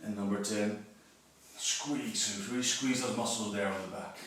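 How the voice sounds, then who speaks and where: A man leading a physiotherapy workout, explaining each movement and counting reps in a calm, encouraging way. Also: fairly low pitch, moderate pace, slight background noise. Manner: calm, encouraging, demonstrates while talking. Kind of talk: exercise instruction, counting reps. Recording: echoey room, voice from a distance.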